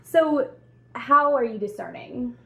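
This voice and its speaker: A woman's voice: sits high, slow pace, creaky. A woman interviewing, with brief encouraging interjections and questions.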